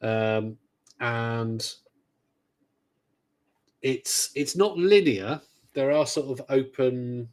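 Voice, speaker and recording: A man's voice: medium pitch, a little mellow. A man hosting a casual podcast chat, talking in a rambling, hesitant way with dry sarcasm. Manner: rambling, hesitant, many fillers and restarts; dryly sarcastic. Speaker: podcast host.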